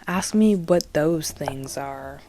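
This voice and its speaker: Animated young woman musician vlogging. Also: sits low, slow, slight background noise. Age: late teens. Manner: animated, dramatic and candid. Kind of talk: casual vlog talk.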